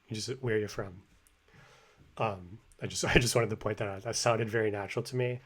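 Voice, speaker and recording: Low-voiced man giving halting commentary. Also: fairly even intonation, breathy edge. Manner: halting, filler-heavy analysis. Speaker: host commenting on a learner's clip. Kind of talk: casual commentary. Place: home room with construction noise above.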